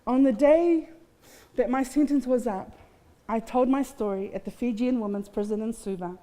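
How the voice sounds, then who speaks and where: Her voice is fairly high yet dark in tone, delivered at normal speed. She appears as a guest speaker at a festival, giving sincere personal testimony from a stage in a large hall and gently mocking herself along the way. The hall adds a long reverb.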